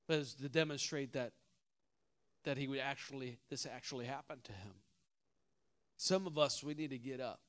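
A man preaches at a church conference with a bright, forceful voice that sits a little high for a man. He tells a story, drops to a hush, then climbs into loud, shouted declarations. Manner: storytelling, swings from hushed to shouting. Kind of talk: sermon.

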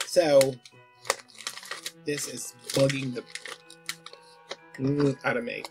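A man tells a casual, meandering story in a vlog while he wraps gifts at home. He keeps losing his thread and starting over. His voice sits at a medium pitch, and cheerful holiday music plays clearly in the background. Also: a little slow, pauses often. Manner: chatty and easily distracted, with lots of restarts. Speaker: vlogger. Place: home, wrapping presents. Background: Christmas music.

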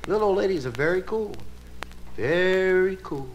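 Male stand-up comic, lively high delivery, relaxed drawl; live album with tape hiss. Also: moderate pace. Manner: relaxed drawling, playful asides. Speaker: stand-up comedian. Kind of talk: stand-up comedy storytelling. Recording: hissy live album recording.

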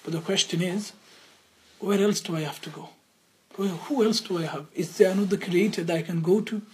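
A humble, devoted pilgrim speaks quietly and pleadingly, voiced by a man telling the story. The voice is very husky and breathy, and his tone is resigned and plain. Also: high-pitched, brisk.

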